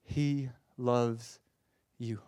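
A man preaching a sermon with passion, swinging from loud urging to a soft hush and often stammering and repeating words. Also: medium pitch, little pitch movement, very slow, clear, resonant tone, dry recording.

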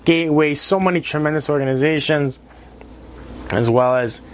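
A man hosts an event and introduces the next speaker. He speaks formally, with small restarts. His voice sits a little high. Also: moderate pace, a little hiss or hum.

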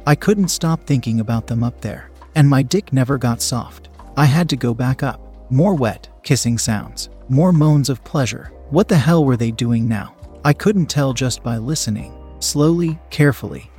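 A man's voice: mid-range voice, mellow, breathy edge. A man narrating a first-person story in a tense, confessional way.

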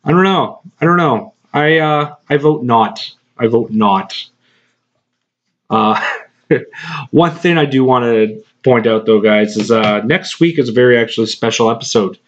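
Profane rambling podcast host, slightly muffled. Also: male voice, medium pitch, a little slow. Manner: profane, rambling, laughing between phrases. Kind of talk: casual storytelling monologue. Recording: slightly dull lo-fi podcast recording.

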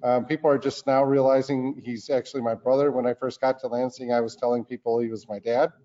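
A man speaking as a senator guest in an interview, in a deliberate, earnest way. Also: medium pitch, level tone, warm tone. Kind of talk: political interview talk. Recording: dull lo-fi sound.

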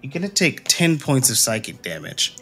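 A man's voice: medium pitch, big pitch swings, normal speed, fairly bright tone, slightly rough, faint music behind. A man narrating a tabletop game as game master, hesitant and full of ums and uhs.

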